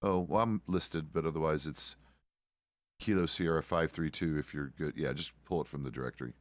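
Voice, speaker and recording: A low-pitched middle-aged man talks to his stream chat and fellow players in a loose, rambling way. He restarts and corrects himself often and drops the odd curse. The sound is dry, with no room in it. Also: a little fast, no echo. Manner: rambling, self-correcting, casual swearing. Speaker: streamer playing a deputy. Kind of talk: casual roleplay stream chat.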